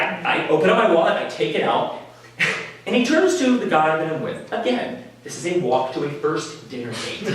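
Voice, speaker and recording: A man telling a personal story at a live story slam in a conversational, animated way, with quick asides to the audience. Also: high-pitched, noisy background. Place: small venue before a live audience. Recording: echoey room, mic from a distance. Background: audience laughter.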